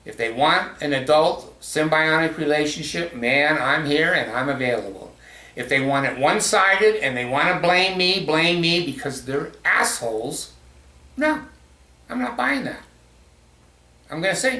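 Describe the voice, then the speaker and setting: Middle-aged guy venting on his vlog, bright edgy voice, swears a lot, sarcastic, roomy echo and kinda far from the mic. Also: on the high side, lively intonation, measured pace. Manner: blunt and profane, with bitter sarcasm. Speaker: vlogger. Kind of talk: angry personal rant to camera. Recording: echoey room, set back from the mic.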